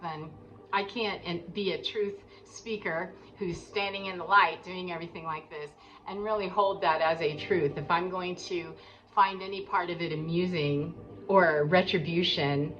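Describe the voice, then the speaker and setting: A woman's voice: mid-range voice, fairly bright tone. A woman giving an earnest, rambling spiritual monologue as a coach, talking in a preachy way. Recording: dull lo-fi with faint background noise.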